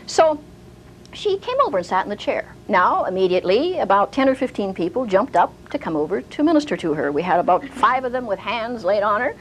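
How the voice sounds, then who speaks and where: A woman's voice: medium pitch, brisk, slight background noise, rough recording. An older woman teaching a sermon, telling stories and acting out the voices of the people in them. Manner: animated storyteller, acting out quoted voices. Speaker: Bible teacher.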